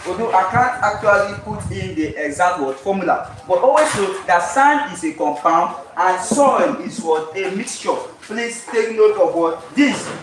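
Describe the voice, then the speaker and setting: A male chemistry tutor with a high voice teaches a live-streamed exam lesson at a classroom whiteboard, using call-and-response: he keeps asking "what?" and answering himself, and slowly repeats key terms for emphasis. The recording is echoey and distant, with background noise.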